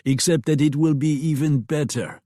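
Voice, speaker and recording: A man's voice: fairly high pitch, normal speed, mellow, no room sound, studio quality, pitched above the performer's own voice, close to an everyday voice. A man voicing a polished, gallant saloon owner with a French accent, in a flowery, courtly manner, for an audiobook. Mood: gracious.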